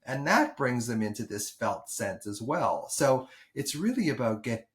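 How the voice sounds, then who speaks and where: A man's voice: mid-range voice, sing-song, measured pace. A man hosting a podcast as a doctor, explaining things thoughtfully with small restarts. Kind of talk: podcast conversation.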